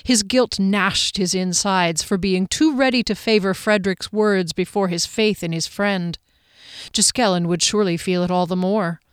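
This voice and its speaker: A woman narrating a fantasy audiobook in a measured storytelling manner. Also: mid-range voice, clean tone, no echo. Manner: measured storytelling, voices each character. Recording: dry close studio sound.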